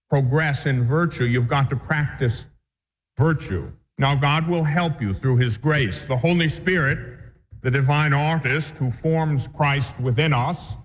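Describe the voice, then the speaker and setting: A man, a Catholic priest, teaching a catechism class in an earnest, emphatic way and repeating his key points. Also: medium pitch. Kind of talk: religious lecture. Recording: dull lo-fi sound in a reverberant hall.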